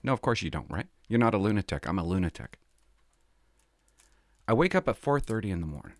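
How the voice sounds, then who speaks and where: Middle-aged canadian ex-cop guy, lowish voice that swings up and down a lot, chatty rambling podcast talk, dry close sound. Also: big pitch swings, brisk, dry recording. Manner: rambling, confiding, laughs often. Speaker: former police officer. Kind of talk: casual monologue podcast.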